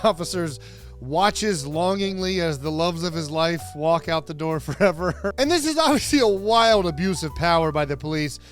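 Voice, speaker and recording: A man narrating a comedic wrestling recap, sarcastic and joking, with laughs in his delivery. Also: sits high. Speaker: wrestling video host.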